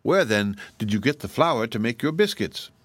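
A man's voice: medium pitch, big pitch swings, normal speed, husky, no echo. A man voicing a shrewd straw scarecrow who asks polite, probing questions in a storybook reading. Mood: wary.

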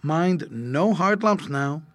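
A man voicing a patient, gentle mother of three children in a storybook reading, speaking softly and kindly. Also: a little high, animated, takes it slowly, no room sound.

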